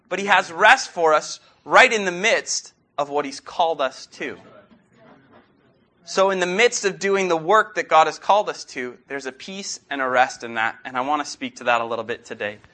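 A man's voice: fairly high pitch, sharp tone. A man preaching as a guest in church, telling stories earnestly and asking rhetorical questions. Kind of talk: sermon.

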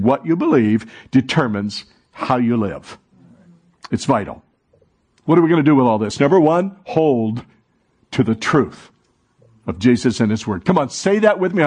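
This is a man delivering a sermon as pastor in a church sanctuary, drawing answers and repetitions from the congregation. He has a darkish tone at medium pitch.

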